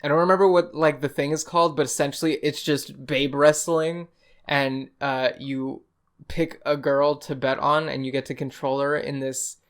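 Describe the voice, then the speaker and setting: A man's voice: a little high, level tone, normal speed. A young man co-hosting a podcast in casual chat, rambling and swearing as he retells game scenes with a laugh. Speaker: podcast co-host.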